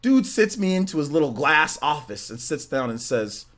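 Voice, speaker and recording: Young male stream host, lively and excitable, high-pitched, chatty storyteller. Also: normal speed. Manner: animated, laughs often, exclaims. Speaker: gaming livestream host. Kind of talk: casual storytelling with chat shout-outs.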